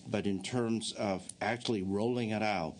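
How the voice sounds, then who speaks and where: Man, very low voice, hesitant with fillers, committee questioning, faint background hiss. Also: steady tone. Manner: halting, many fillers and restarts. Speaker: committee member. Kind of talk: legislative hearing questioning.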